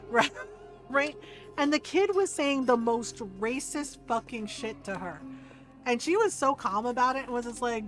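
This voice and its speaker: A woman streamer chats casually while she plays, full of fillers, swearing and laughter. Her voice sits a little high for a woman, and she slips easily into reading the game's story aloud. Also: animated, fairly bright tone, faint music behind. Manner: chatty, profane, laughing, lots of fillers; also reads game story aloud at a brisk pace. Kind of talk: casual gaming stream chat.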